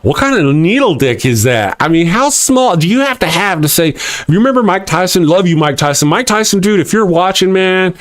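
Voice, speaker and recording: Irreverent mocking man, lively pitch. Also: fairly quick, no echo. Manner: irreverent, mocking, laughs often. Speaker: host of a live atheist morning show. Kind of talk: casual live-stream talk reading viewer comments.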